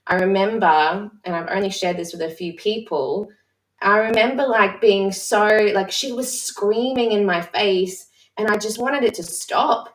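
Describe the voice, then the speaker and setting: Candid reflective woman, far-off roomy sound. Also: medium pitch. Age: adult mother. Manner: candid, reflective, halting with restarts. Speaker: session facilitator. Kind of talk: personal sharing in a live-streamed discussion. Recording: roomy echo, voice far from the mic.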